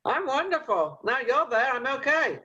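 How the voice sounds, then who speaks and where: A woman's voice: sits high, big pitch swings, normal speed, sharp tone, slightly rough. An older woman hosting an interview over a video call, chatty and motherly as she hands out advice, with plenty of fillers. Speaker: talk show host. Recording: muffled video call audio.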